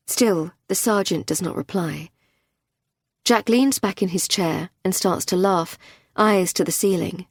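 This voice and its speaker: A woman narrating a thriller audiobook in a measured storytelling manner. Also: fairly low pitch, husky, no echo, clean studio sound.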